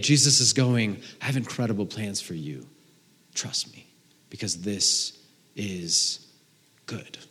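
A man's voice: mid-range voice, breathy edge. Earnest pastor man in a reverberant hall. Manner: earnest, swinging from emphatic to hushed; repeats words as he restarts. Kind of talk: sermon. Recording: long reverb of a large hall.

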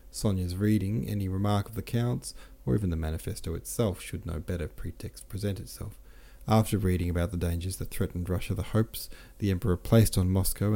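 A man narrating a classic novel as an audiobook, steady and correcting himself now and then. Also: sits low. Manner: steady, with small self-corrections. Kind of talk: audiobook reading.

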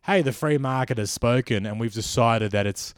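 An Australian man delivering a sardonic, ranting comedy monologue as a podcast host. His voice sits at an ordinary middle pitch, and the recording is dry and close with no room echo. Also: normal speed.

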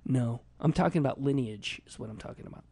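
A man's voice: mid-range voice, quick pace, breathy edge, no echo. A man from a small town in Indiana with a Midwestern accent, hosting a casual podcast chat, joking and laughing often. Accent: Midwestern American. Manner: laughs often, self-mocking, lively joking banter. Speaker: podcast host. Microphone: studio mic on a spring arm.

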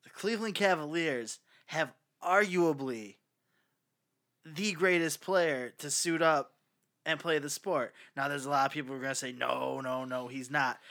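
A man's voice: on the high side, moderate pace, bright, forceful tone. A man co-hosting a casual sports podcast, laying out his argument point by point. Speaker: podcast co-host.

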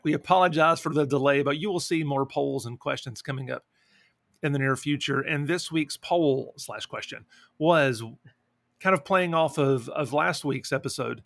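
A man co-hosts a board game podcast in relaxed, casual chat, jokingly reading listener responses aloud. His voice is a little high with vocal fry.

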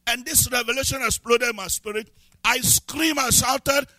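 Fervent high-voiced man preaching. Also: unhurried, no room sound. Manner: fervent preaching that swings from low asides to shouted, half-sung lines; breaks into speaking in tongues. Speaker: pastor. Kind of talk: sermon.

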